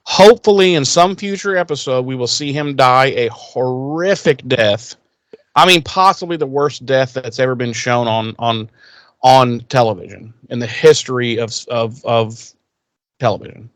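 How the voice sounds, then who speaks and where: Guy recapping an episode on a podcast, cursing, animated, dry close mic. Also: medium pitch, moderate pace, no room sound. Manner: profane, animated retelling with acted quotes. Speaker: podcast co-host. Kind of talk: casual chat recapping a TV episode.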